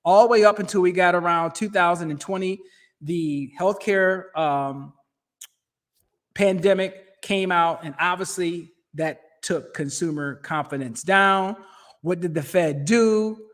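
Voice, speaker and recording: Midwestern male host, chatty, punchy delivery, slightly higher voice, finance commentary. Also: measured pace, fairly bright tone. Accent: Midwestern American. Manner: conversational and emphatic, with restarts and slang. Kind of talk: casual commentary over a shared screen.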